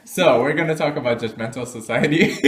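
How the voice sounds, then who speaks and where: A man's voice: lowish voice, normal speed, a crowd in the background. A man vlogging casually, telling personal stories to camera, often laughing and acting out what people said. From Arab. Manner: animated, laughs often, acts out quotes. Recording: echoey room.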